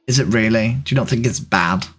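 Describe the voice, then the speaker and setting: A woman's voice: extremely low pitch, brisk, breathy edge. A trans woman hosting a video chat stream, joking and teasing strangers in casual talk. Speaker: livestream host chatting with strangers. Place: home room, seated at camera.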